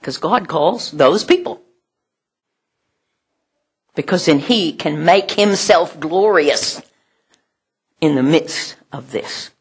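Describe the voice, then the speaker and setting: A woman's voice: deep voice, animated, slow, long pauses, slightly rough. A middle-aged woman giving a sermon in a conversational way, laughing often and acting out the voices she quotes. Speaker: pastor.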